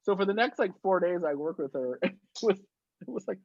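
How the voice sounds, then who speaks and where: A man guest, an actor and effects artist, telling profane stories in a casual, animated interview and laughing through them. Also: high voice, fairly quick, gravelly, dry recording, dull audio. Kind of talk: casual anecdotal storytelling.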